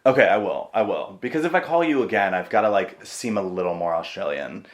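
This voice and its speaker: A man hosting his channel in a casual chat, excitable and swearing, laughing at himself. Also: fairly low pitch, fairly quick, muffled recording. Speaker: host. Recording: echoey room.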